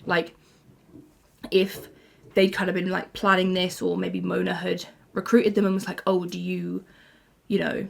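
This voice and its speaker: A woman's voice: on the low side, monotone, normal speed, gravelly. A young woman in her twenties, rambling through casual TV fan commentary with frequent "like"s and laughs. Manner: rambling, lots of 'like', laughs often. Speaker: YouTuber.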